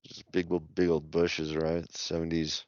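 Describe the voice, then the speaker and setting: A man's voice: rumbling low, monotone, unhurried, a little mellow, no room sound. A man co-hosting a podcast, chatting in an easygoing, laid-back way. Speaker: podcast co-host. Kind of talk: casual chat. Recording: dry, dull lo-fi sound.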